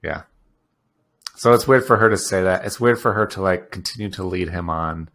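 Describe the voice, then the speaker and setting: A man co-hosting a podcast in casual chat, agreeable, chuckling often and adding quick asides. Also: deep voice, fairly bright tone. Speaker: podcast co-host.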